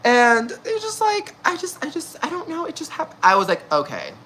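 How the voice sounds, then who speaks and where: Lively gossiping young woman. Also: high-pitched, brisk, a little hiss or hum. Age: young adult. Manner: gossipy, animated, slangy, laughing often. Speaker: vlogger. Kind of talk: casual storytime chat.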